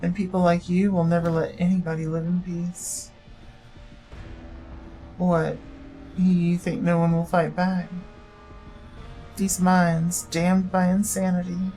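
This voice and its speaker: A furious, grieving armed man spits low, bitter threats in a game scene, read by a woman in her own mellow voice. Faint game music plays behind. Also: low-quality recording.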